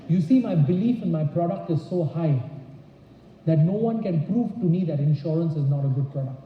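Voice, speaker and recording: A man's voice: fairly high pitch, animated, normal speed, recorded from a distance. A man giving an insurance sales training seminar, emphatic and firing rhetorical questions at the audience. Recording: echoey dull hall recording.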